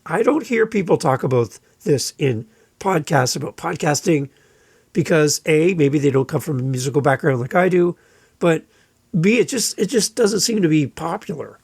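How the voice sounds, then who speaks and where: A man hosting a solo podcast, giving energetic, playful advice and sometimes mimicking listeners in silly voices. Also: on the high side, moderate pace, vocal fry, slightly rough, no room sound, clean studio sound. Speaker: podcast host.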